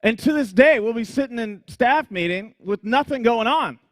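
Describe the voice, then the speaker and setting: Lively, animated man preaching a sermon. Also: extremely high pitch, normal speed, no room sound. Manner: animated storytelling, laughs often, acts out scenes. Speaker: pastor.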